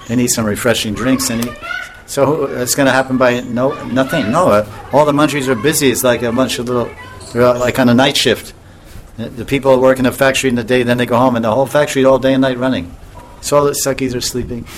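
Male spiritual teacher, casual rambling talk, frequent chuckles, acts out voices; mid-range voice, faint background noise. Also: medium pitch. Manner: chuckling often, rambling with restarts.

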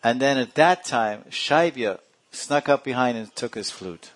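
A man's voice: medium pitch, lively intonation, moderate pace. Playful man telling sacred stories. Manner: playful, laughs often, acts out characters. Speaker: religious teacher. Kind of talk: storytelling religious discourse.

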